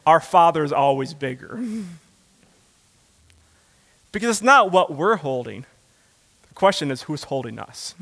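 Male pastor preaching in a reverberant hall; bright, forceful tone, rising to loud bursts and falling to hushed asides. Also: animated, a little slow, gravelly, long pauses. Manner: builds to loud impassioned preaching, then drops low. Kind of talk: sermon.

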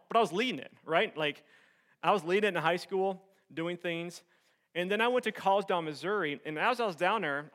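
A young man preaching a sermon as pastor, telling a personal story with animated swings from loud excitement to soft earnest tones. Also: fairly high pitch.

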